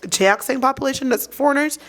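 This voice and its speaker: A young woman telling a story as a guest in a casual interview, with an animated, laughing delivery. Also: sits high, racing. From United States.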